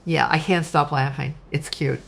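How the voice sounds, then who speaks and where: A woman giving a casual spoken tarot reading, animated and acting out quoted voices. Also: moderate pace, vocal fry. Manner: animated, acts out quoted voices with sudden pitch jumps. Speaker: tarot reader.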